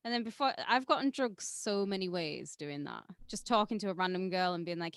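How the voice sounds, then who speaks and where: A woman co-hosting a podcast in casual chat, teasing and lively. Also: medium pitch, brisk, hardly any pauses, no room sound. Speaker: podcast co-host.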